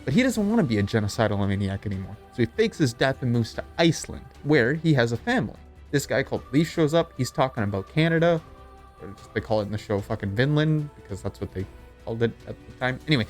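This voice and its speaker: A man's voice: medium pitch, lively intonation, fast talker. Profane, sarcastic young man narrating. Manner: irreverent, profane, sarcastic, rambling. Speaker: video narrator. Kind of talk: comedic anime recap narration. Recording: voice-over with background music.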